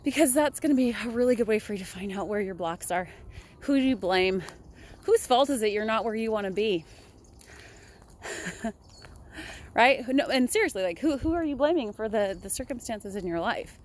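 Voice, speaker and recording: A woman's voice: on the high side, lively intonation, moderate pace, pauses often. A young woman talking casually and upbeat in a motivational vlog, chatting while walking outdoors. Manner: chatty, upbeat, laughs often. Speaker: vlogger.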